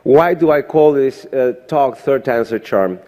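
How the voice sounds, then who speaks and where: A man's voice: medium pitch, a little slow, dark tone. Older guy speaking english at a podium, sincere and grateful, big echoey convention hall. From Argentina. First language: Spanish. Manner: heartfelt, thanking people one by one. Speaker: surgeon giving a presidential address. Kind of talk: emotional speech at a podium. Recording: long reverb of a big hall.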